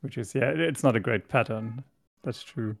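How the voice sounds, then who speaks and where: A man's voice: mid-range voice, normal speed, gravelly, slightly rough, no room sound. A man speaks in a mid voice over a dry, close mic on an online call. He agrees readily and reflects on his project's code. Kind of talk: casual tech chat.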